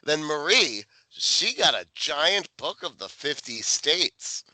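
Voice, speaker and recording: A man's voice: on the high side, very animated, slow pace, bright, forceful tone, no echo, low-quality recording. A man co-hosting a podcast, recapping a TV episode in casual chat, swearing and jokingly acting out the characters' lines. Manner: profane, jokey, acts out characters' lines. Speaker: podcast co-host.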